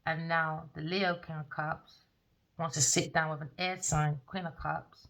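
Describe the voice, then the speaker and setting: A woman's voice: low-pitched, level tone, a little slow, creaky, a bit bright. A woman doing a tarot reading in a casual, blunt, scolding manner, swearing freely. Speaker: tarot reader.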